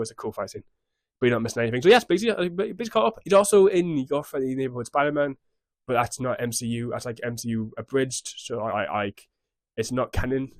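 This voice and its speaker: A man's voice: mid-range voice, dry recording. A young man casually recapping a show on his vlog in a scattered, rambling way, swearing freely. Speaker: YouTube recap host.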